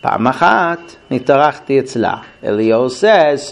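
Animated man teaching a Talmud class. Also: a little high, brisk. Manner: animated storyteller, acts out quotes, questions the class. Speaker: Torah teacher.

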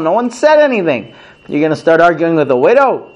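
A man's voice: sits high, big pitch swings, fairly quick. A man teaching a Talmud class to students, telling a story animatedly and acting out the quotes. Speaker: Torah teacher.

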